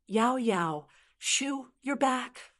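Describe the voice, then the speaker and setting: A woman's voice: on the high side, expressive, very slow, fairly bright tone, voice pushed up, full character voice. A woman voicing a cautious, earnest young woman who asks her friends questions. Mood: relieved.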